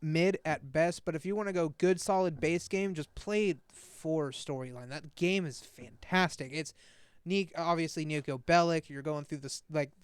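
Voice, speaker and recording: A man in casual, animated chat about video games, swearing and laughing often. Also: on the high side, moderate pace, clean tone, no room sound.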